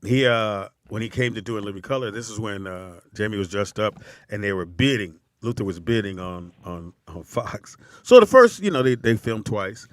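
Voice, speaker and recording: A man hosting a casual chat, telling a backstage story and acting out the quotes with big jumps in pitch. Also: moderate pace, few pauses. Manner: animated, acts out quotes with sudden jumps in pitch. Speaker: host.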